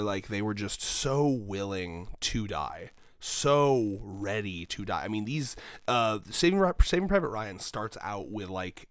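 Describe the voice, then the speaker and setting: A man co-hosting a casual podcast chat, crude and joking, laughing often and breaking into loud bursts. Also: on the low side, no echo, clean studio sound. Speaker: podcast co-host.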